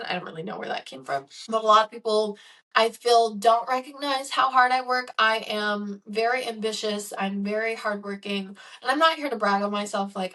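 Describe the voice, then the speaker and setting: A woman's voice: mid-range voice, fairly bright tone, recorded from a distance. Candid young woman hosting a solo podcast. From Chicago. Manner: earnest and candid, many "like" and "um" fillers. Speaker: podcast host. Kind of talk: reflective solo podcast monologue.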